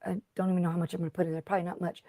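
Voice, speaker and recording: A chatty middle-aged woman with a lilt hosts a casual craft livestream. Her voice is mellow and warm, close and dry with no room sound. She rambles along and greets viewers by name. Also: fairly low pitch, flat delivery, racing, no echo. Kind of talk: casual live-stream chat.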